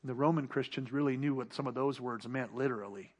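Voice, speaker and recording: A pastor delivering a sermon, building emphatic rhetorical questions and repeated refrains. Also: male voice, medium pitch, fast, a little mellow, highs cut off. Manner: emphatic preaching.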